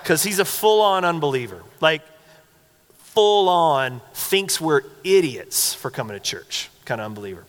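A man preaching a sermon in a church sanctuary, sounding conversational and earnest as he tells a personal story. His voice sits a little high for a man, and a long hall reverb trails each phrase. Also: very animated, unhurried. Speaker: pastor.

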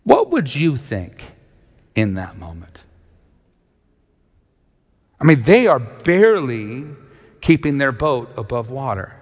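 A man preaching a sermon, reading scripture and retelling it in lively storytelling, acting out the characters' voices. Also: medium pitch, takes it slowly, long pauses, in a large hall. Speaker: pastor.

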